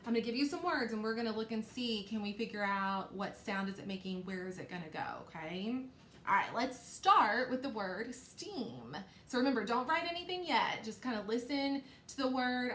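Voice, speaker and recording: Woman teacher, phonics lesson, sounds out words slowly, higher-pitched voice, echoey room, faint background hiss. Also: fairly bright tone. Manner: slow, exaggerated sounding-out of words; encouraging, checks in with frequent okays. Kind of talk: recorded phonics lesson for young children.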